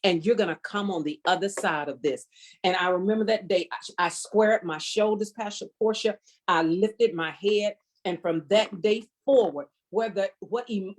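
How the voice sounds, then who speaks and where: Fervent woman sharing her testimony. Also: mid-range voice. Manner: fervent, preacherly, emphatic repetition. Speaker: guest speaker.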